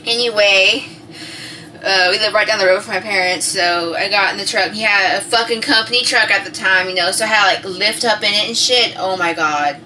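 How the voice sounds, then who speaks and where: Brief: woman, 20s, vlogger, crisp bright tone, slightly distant mic with faint room hiss. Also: mid-range voice, a little fast. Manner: chatty, swears freely, acts out quotes loudly. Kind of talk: casual storytelling to camera.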